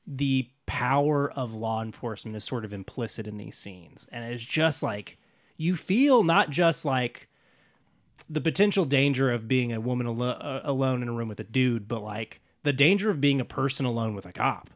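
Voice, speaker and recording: A man co-hosting a casual film podcast, animated and rambling, laughing often as he talks. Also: medium pitch, moderate pace, no room sound, clean studio sound. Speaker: podcast co-host.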